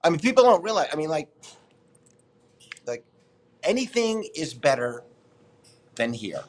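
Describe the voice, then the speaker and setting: A Boston man in his sixties, a podcast guest, tells a rambling story in a casual storytelling interview, swearing often and restarting himself. His voice is a little high and very animated, though his pace stays measured.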